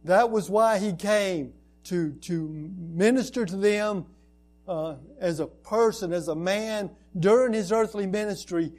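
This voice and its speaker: A male pastor delivers a sermon in a fairly high voice. He speaks slowly and earnestly, pausing between phrases, then rises into emphatic, repeated lines. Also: a little mellow. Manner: earnest preaching with rising emphatic repetitions.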